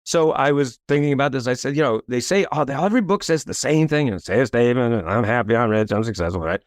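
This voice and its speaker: A man's voice: mid-range voice, fast, dry recording, studio quality. A man in his fifties, a coach and author telling a story as a guest in a podcast interview, emphatic and salesy, often tagging his points with a rhetorical question. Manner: animated, tags points with rhetorical "right?".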